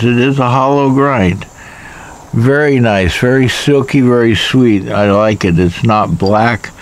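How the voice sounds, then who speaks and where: A man casually reviewing a pocket knife in a rambling, wry way, with jokey asides. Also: medium pitch.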